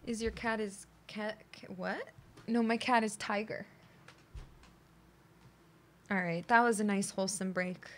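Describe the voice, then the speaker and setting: A woman's voice: medium pitch, steady tone, measured pace, pauses often, slight background noise. A young woman streaming a video game at home, chatting playfully with her pet and her viewers and joking with mock aggression. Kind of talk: casual gameplay commentary.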